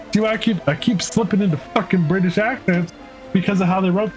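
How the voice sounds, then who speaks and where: A man's voice: high-pitched, a little fast, soft background music. A man streaming a game, making wry, profane asides between reading the dialogue. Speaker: gaming streamer. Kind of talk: casual commentary while reading game dialogue.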